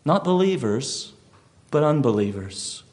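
A man's voice: medium pitch, big pitch swings, a little slow, darkish tone. A male preacher giving a sermon, telling a vivid story and putting questions to his listeners.

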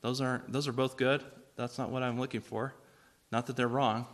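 A man preaching a sermon, reading scripture and asking the congregation questions in an animated way. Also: medium pitch, normal speed. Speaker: pastor.

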